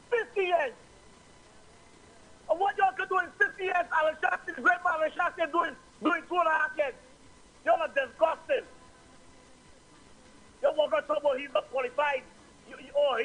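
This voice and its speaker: A man's voice: very high-pitched, sharp tone, rough recording. A man with a Saint Lucian accent, calling in to a talk show and ranting angrily and repetitively about politics. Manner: angry, insulting, repetitive. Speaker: caller. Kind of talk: political rant on a call-in show.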